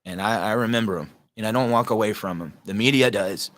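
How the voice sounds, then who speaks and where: Earnest rambling Southern-accented man, lowish voice. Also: fairly quick, a bit bright, no room sound. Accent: Southern American. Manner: rambling, earnest, repeats words. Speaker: podcast host. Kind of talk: casual solo talk.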